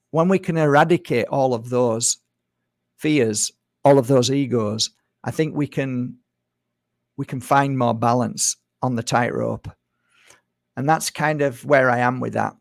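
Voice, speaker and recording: A man giving a reflective spiritual monologue, talking conversationally, repeating himself and slipping into quick mimicry of others. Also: mid-range voice, creaky, no echo, clean studio sound. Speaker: spiritual speaker.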